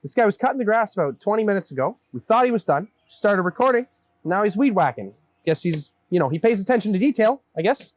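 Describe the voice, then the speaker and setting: Host for backyard banter: man, fairly high voice, dry close sound, mock-exasperated. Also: animated, quick pace, no room sound. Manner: mock-exasperated, grumbling, teasing. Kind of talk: comedic casual banter. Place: outdoors in a backyard.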